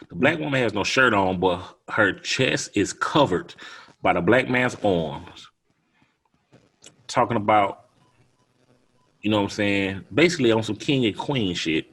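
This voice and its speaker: Animated husky man. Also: lowish voice. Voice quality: animated, laughing often. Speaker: podcast co-host. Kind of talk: casual chat.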